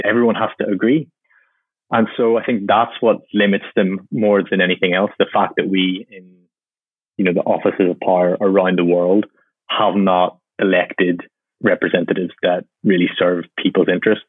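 A man answering interview questions as a climate policy expert, explaining in a measured, lightly wry way. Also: low voice, slightly rough, no room sound. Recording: tinny phone-like line, dry.

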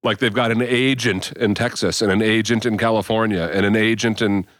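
A man's voice: on the low side, steady tone, brisk, a bit bright, no echo, clean studio sound. A man co-hosting a podcast, casually and enthusiastically describing a video he watched. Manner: enthusiastic, recounts viral videos with laughs. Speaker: podcast co-host. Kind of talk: casual chat.

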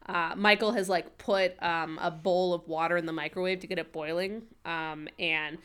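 A woman's voice: lowish voice, steady tone, moderate pace, a bit bright, clear, resonant tone. A woman co-hosting a podcast, casually recapping a TV episode in a rambling way with lots of fillers. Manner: rambling, filler-heavy recap with frequent laughs. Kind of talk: casual chat.

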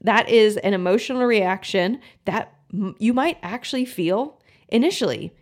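A young woman talks to her listeners in a friendly, earnest podcast style, her voice sitting at an ordinary middle pitch. Now and then she jumps into quick, lively voices to act out anxious inner thoughts. She sounds like a coach talking someone through a problem. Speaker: podcast host, gut health coach. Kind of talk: casual solo podcast talk.

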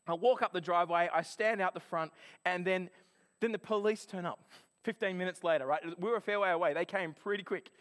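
A man preaching a sermon, telling a personal story in an animated, chatty way. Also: sits high, a little fast.

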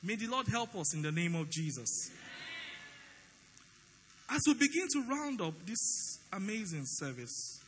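Nigerian pastor guy preaching, high lively voice, big hall echo, faint noise. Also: a little slow, long pauses. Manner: animated storytelling, acts out dialogue. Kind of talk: sermon.

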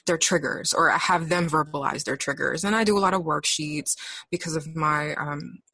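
A woman therapist being interviewed, explaining her clinical work in a measured way with frequent pauses. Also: low-pitched, bright, forceful tone, husky, dry recording. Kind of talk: professional conversation.

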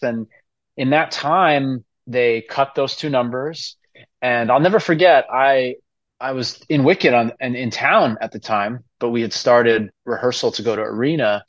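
A man's voice: medium pitch, normal speed, dry recording, muffled recording. A man in his forties, a musical theater actor guesting on a podcast, talking earnestly and emotionally with many restarts. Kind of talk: casual interview chat.

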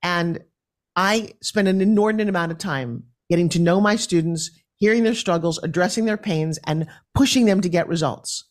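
A woman from New York, a podcast guest, telling her story in an animated and forthright way. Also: on the low side, normal speed.

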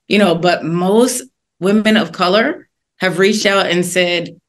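A woman author as a guest in an interview, telling stories in an earnest, animated way. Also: lowish voice, a little slow. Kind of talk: interview conversation.

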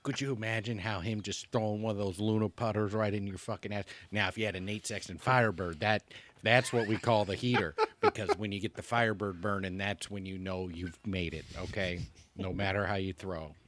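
A man's voice: fairly low pitch, fairly even intonation, a little fast, fairly bright tone, slight background noise. A man co-hosting a casual livestream podcast, rambling through crude banter. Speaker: podcast co-host.

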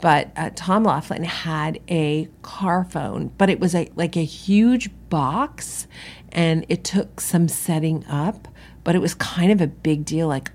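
Brief: middle-aged woman, lowish voice, candid and digressive, telling a story solo. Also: slow, darkish tone, slightly rough. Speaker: interior designer and business owner. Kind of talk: solo podcast monologue.

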